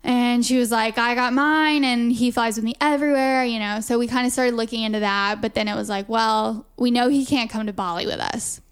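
A woman co-hosting a podcast in casual chat, talking fast and loose with lots of fillers and frequent laughs. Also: fairly high pitch, clean tone. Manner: chatty, laughs often, many "like" fillers. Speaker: podcast co-host.

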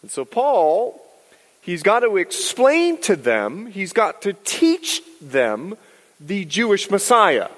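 Middle-aged male pastor, animated sermon delivery, high voice, echoey sanctuary. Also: slow pace. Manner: animated storytelling, acts out quotes. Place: church sanctuary. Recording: long reverb of a large hall.

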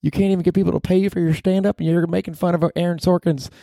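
A man voicing a shrill woman who mockingly scolds her partner, in a crude, sneering falsetto. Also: fairly even intonation, very fast, gravelly, mellow, dry recording, studio quality.

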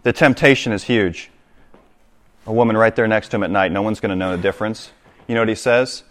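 A man's voice: lowish voice, fairly quick, fairly bright tone. A man preaching a sermon to his congregation, reading scripture aloud and explaining it with direct appeals to his listeners. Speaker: pastor.

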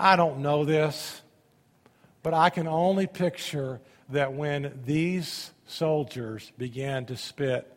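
A man preaching a sermon, reading scripture aloud and commenting on it, swinging between loud emphasis and hushed asides. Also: on the high side, in a large hall.

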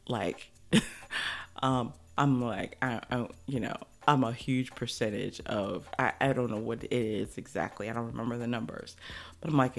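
Very low-voiced, slow-talking woman host. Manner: chatty, excitable, laughs often. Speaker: podcast host. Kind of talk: casual solo podcast chat.

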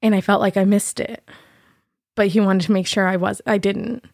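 A woman's voice: mid-range voice, fairly even intonation, moderate pace, dry recording. Woman telling a personal story, dry sound. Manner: reflective, candid, laughs softly between thoughts. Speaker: podcast host.

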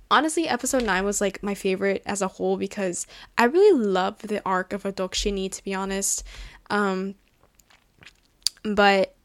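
A woman's voice: mid-range voice, no echo. Gushing woman podcast host, dry sound. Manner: gushing, excitable and chatty, with frequent laughs and fillers. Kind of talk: casual solo podcast chat. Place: at a table, indoors.

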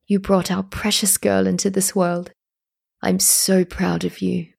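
A woman voicing a caring young husband in a storybook reading, speaking softly and soothingly. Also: medium pitch, level tone, measured pace, vocal fry, husky, heavily acted. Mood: tender. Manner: soft and hushed, comforting.

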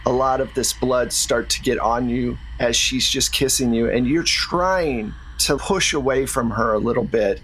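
A man running a tabletop role-play game as game master, narrating scenes in a calm storytelling manner. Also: medium pitch, unhurried, hardly any pauses, slight background noise, rough recording. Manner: calm storytelling, drops into character voices.

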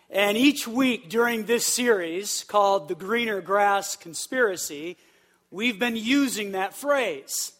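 A man preaching as a pastor to a live congregation, lively and leading them in call-and-response. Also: sits high, measured pace. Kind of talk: sermon. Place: church sanctuary with live congregation.

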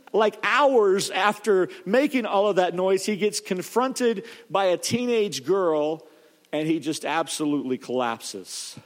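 High-voiced man preaching in a reverberant hall. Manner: storytelling, animated, with repeated restarts. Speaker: pastor. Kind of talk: sermon.

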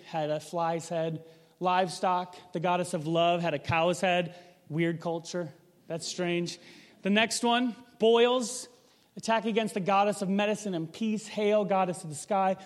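A man's voice: high-pitched, steady tone, unhurried, in a large hall. A man preaching a sermon in a casual, conversational way, asking the room rhetorical questions. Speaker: pastor.

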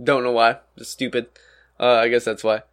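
A man's voice: medium pitch, flat delivery, moderate pace. A young man who works as a barista, talking casually in a loose, rambling monologue full of fillers and swearing.

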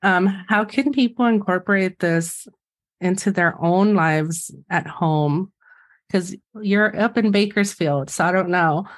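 A woman's voice: on the low side, unhurried. A woman hosting a podcast interview, chatty and full of fillers. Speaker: podcast host. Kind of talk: casual interview chat.

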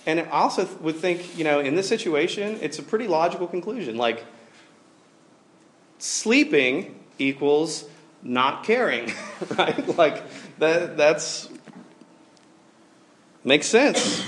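A man in his forties preaching a sermon in a casual, animated way, with lots of fillers as he tells stories. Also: a little high, measured pace. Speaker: pastor. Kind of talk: conversational sermon.

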